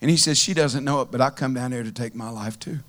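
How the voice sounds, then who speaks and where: A man with a medium-pitched, fairly bright voice talks fast as he preaches a heartfelt storytelling sermon to a church congregation. He sounds earnest and conversational, repeating phrases.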